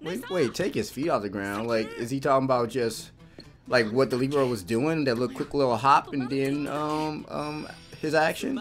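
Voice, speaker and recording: A man giving excitable, casual reaction commentary while watching an anime, cheering and laughing often. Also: mid-range voice, moderate pace, soft background music.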